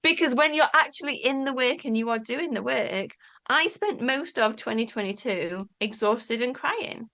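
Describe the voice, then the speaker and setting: A woman talking candidly as an interview guest, animated and storytelling, casually swearing and acting out quoted dialogue. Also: on the high side, normal speed. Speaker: podcast guest.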